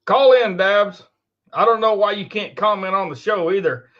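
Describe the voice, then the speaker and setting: A man's voice: high-pitched, normal speed. A man in his fifties hosting a casual call-in show, laughing constantly and talking loosely. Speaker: host. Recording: dull lo-fi recording.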